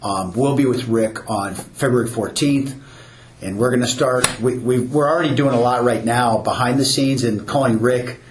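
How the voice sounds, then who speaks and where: A man's voice: medium pitch, normal speed, a little hiss or hum. Earnest man in a roomy space. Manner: earnest, repeats words when starting sentences. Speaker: new owner of an ice cream stand. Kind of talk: casual podcast conversation. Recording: roomy with faint background ambience.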